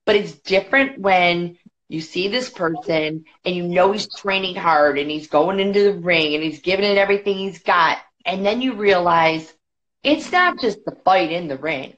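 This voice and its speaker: A woman guest on a podcast, telling a story in a chatty, quick way with many fillers. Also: on the low side, fairly bright tone. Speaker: podcast guest, boxing federation executive. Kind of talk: casual storytelling. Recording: dull lo-fi podcast audio.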